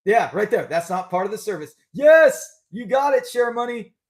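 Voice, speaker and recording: Upbeat male live-stream host, high voice, loose and chatty. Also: expressive, moderate pace. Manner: chatty, upbeat, laughs often. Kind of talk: casual live-stream chat.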